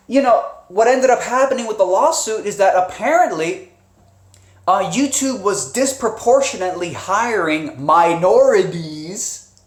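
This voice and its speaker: Rambling man streaming live in an echoey room. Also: sits high. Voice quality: rambling, with frequent restarts and profanity. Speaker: live streamer and channel host. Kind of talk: casual live-stream commentary. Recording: roomy echo.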